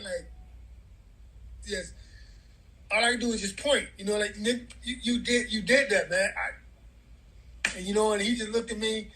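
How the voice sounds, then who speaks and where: A man's voice: high voice, bright, forceful tone, poor audio. A middle-aged man telling a heartfelt story as a guest in an interview, in loose, casual talk full of "man" and "bro".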